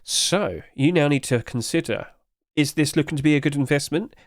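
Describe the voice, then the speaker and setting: A man's voice: a little high, moderate pace, dry recording. Chatty man reviewing game skins, dry sound. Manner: chatty, keeps asking viewers questions. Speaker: video game skin reviewer. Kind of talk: casual commentary to viewers.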